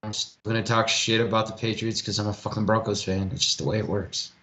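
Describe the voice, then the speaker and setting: A man's voice: on the low side, little pitch movement, fast talker, a bit bright. A man from Colorado in casual table chat, blunt and swearing freely. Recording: roomy, muffled mic with faint hiss.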